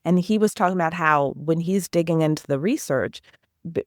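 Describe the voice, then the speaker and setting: A woman's voice: deep voice, brisk, no room sound, studio quality. A woman answering interview questions as an education consultant, talking earnestly and animatedly, often acting out the questions a teacher might ask.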